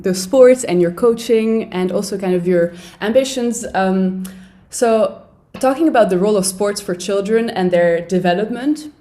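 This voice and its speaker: A woman's voice: medium pitch, dark tone. Giggly woman podcast host. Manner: giggly, asks long rambling questions full of fillers. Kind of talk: casual podcast interview.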